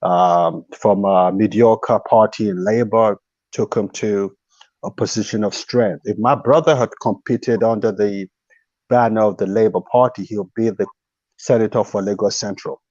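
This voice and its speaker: Doctor man calling from his office, lowish voice, chatty, lots of uhs, dull dry line. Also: steady tone, darkish tone, no room sound. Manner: chatty, exclamatory, lots of filler pauses. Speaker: caller, medical doctor. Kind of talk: casual call-in commentary. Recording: dull lo-fi call audio.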